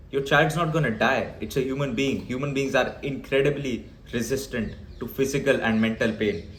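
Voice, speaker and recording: A man's voice: medium pitch, reverberant, a little hiss or hum. A young man ranting bluntly and emphatically to camera as a vlogger, with frequent fillers. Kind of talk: opinionated talk to camera.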